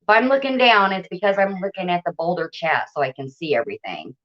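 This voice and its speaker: Fast and animated, a woman with a lowish voice chats through a casual home livestream, greeting viewers by name and frequently laughing. The sound from her tablet mic is lo-fi.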